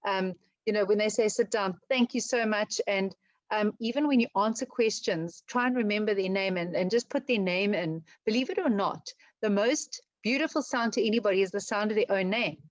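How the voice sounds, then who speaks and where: A woman with a South African accent giving an online talk on job interviews, speaking fast and chatty with many ums and restarts. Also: medium pitch, dry recording, rough recording. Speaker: webinar presenter on interview skills. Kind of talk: casual webinar talk.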